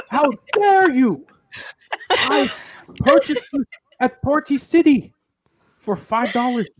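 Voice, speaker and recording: A man's voice: extremely high pitch, big pitch swings, slow, long pauses, no room sound. Man announcing with mock royal formality. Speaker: tournament moderator, self-styled lord. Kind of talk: casual podcast chat with mock-regal announcing.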